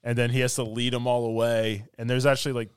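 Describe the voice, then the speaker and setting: A man on a podcast retelling a movie scene by scene, rambling and filling every pause with "like" while acting out the lines. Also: medium pitch, level tone, clear, resonant tone, no room sound, studio quality. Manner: rambling, fills with "like", acts out quotes. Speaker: podcast co-host. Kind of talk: casual film review chat.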